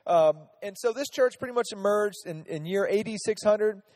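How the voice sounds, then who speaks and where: A man's voice: high voice, normal speed, a little mellow, long reverb tail. A man teaching a casual Bible lesson to a group, chatty, asking them questions and restarting his sentences often.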